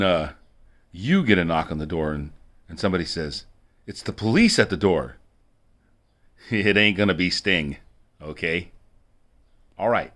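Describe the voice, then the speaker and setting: A man's voice: low-pitched, a bit bright. A man rambling through a monologue for his video blog, repeating himself and chuckling between asides. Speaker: video blogger.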